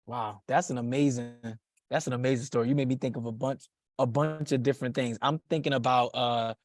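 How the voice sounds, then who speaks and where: A man's voice: mid-range voice, steady tone, no room sound. Reflective male podcast host, dry sound. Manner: reflective, thoughtful, with frequent pauses and restarts. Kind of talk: conversational interview.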